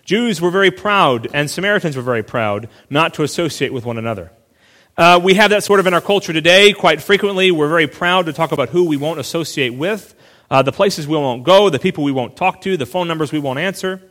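A male pastor preaching a sermon in a relaxed, conversational way, full of asides and quick restarts. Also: on the high side, big-room sound.

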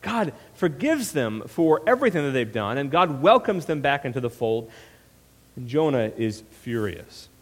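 A man preaching a sermon as pastor, telling the story with animated asides and frequent "right?" checks. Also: mid-range voice, moderate pace. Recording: long reverb of a hall.

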